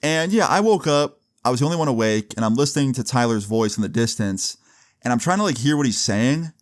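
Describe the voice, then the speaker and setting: A young man casually telling a funny party story to his camera, slangy and animated, full of "like" and "dude". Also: mid-range voice. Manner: animated, slangy, fast retelling with lots of "like" and "dude". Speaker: vlogger.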